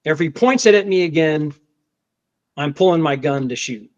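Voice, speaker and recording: Over dull, lo-fi podcast audio, a federal agent with a slightly high voice tells the story of a confrontation at a moderate pace. He's animated and casual, repeating words, often restarting, and acting out what was shouted.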